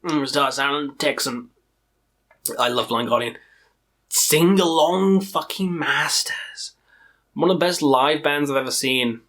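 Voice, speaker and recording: A man with a tired, strained throat talks excitedly through his favourite metal bands in a casual vlog, swearing often and rambling as he goes. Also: on the high side, a little slow. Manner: profane, enthusiastic, rambling. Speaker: metal music reviewer.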